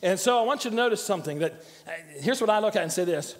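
A man's voice: sits high, expressive, fast talker, hardly any pauses. A middle-aged man preaching a sermon as pastor, telling stories in a folksy, repetitive way with many restarts. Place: church sanctuary. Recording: long church reverb with loud music.

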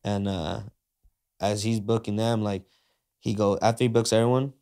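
Low-voiced man telling a story casually. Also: normal speed, smooth. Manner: slangy, animated retelling that acts out quoted dialogue; frequent fillers like "like" and "uh". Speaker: podcast guest.

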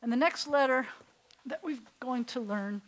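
A woman's voice: high voice, normal speed. A woman with an American accent, a rabbi teaching a beginner Hebrew class in an informal, storytelling way while pointing at letters on a board.

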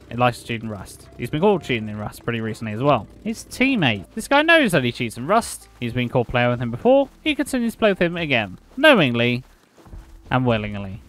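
A man's voice: mid-range voice, fairly bright tone. A young man hosting as a game server admin, commenting on gameplay and mocking players, swearing now and then.

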